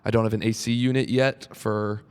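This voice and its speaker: A man's voice: on the low side, level tone, fairly quick, clean tone, long reverb tail. A young man guesting on a comedy podcast, chatting casually with lots of filler words and jokey asides. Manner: chatty, full of likes, puts on voices when quoting himself. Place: podcast room at a comedy club.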